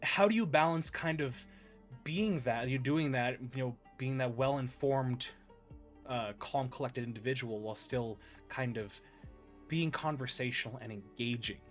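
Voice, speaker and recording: A man hosting a casual interview podcast, animated and excitable, laughing often. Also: medium pitch, moderate pace, soft background music. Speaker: podcast host.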